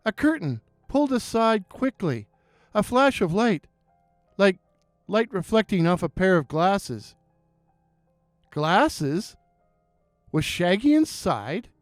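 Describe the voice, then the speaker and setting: A man narrating a scripted horror story in a measured, suspenseful way. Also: high voice, a little mellow, clean tone, dry recording, clean studio sound.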